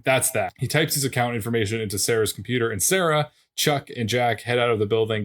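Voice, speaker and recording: A man co-hosting a podcast, narrating an episode recap in a steady way with dry little asides. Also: mid-range voice. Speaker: podcast co-host.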